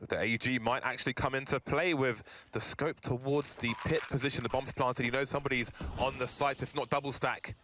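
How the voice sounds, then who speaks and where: A man doing quick, excitable play-by-play esports commentary in a studio, with dry jokes between calls. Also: medium pitch. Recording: noisy broadcast with game sounds.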